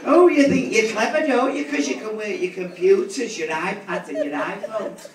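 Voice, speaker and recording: A drag comedian with a high-pitched voice and moderate pace works a large theatre stage, teasing audience members with brash, crude banter in bawdy stand-up. The live recording sounds distant and echoey, with audience laughter in the background.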